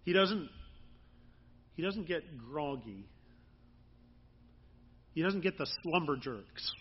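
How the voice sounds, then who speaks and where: Husky, high-voiced man preaching. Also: animated, slow pace, muffled recording. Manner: earnest, conversational preaching with rising emphasis. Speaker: pastor. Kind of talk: sermon.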